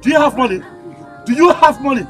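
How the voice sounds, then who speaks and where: An actor playing a hot-tempered keke driver, quarrelsome and shouting, with a Nigerian accent. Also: male voice, very high-pitched, expressive, quick pace, soft background music. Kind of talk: Nollywood film acting.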